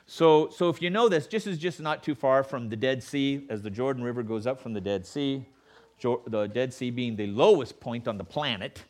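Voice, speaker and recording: A man preaching a sermon as pastor, animated and sarcastic, acting out the excuses of others. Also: medium pitch, normal speed. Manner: animated, acts out quoted voices with sarcasm.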